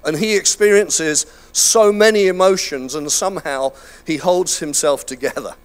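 A man's voice: a little high, normal speed, smooth. An older man preaching a sermon in a chatty, self-deprecating way, with many fillers and restarts. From United Kingdom. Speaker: pastor. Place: church hall.

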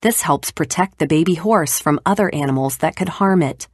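Low-pitched female narrator for a kindergarten lesson, clear and steady. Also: normal speed, dry recording, studio quality. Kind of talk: educational read-aloud for kindergarten.

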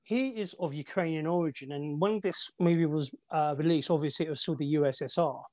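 A man's voice: a little high, brisk, a little mellow. A man co-hosting a casual movie review chat, rambling through film trivia with restarts and fillers. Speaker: movie podcast co-host.

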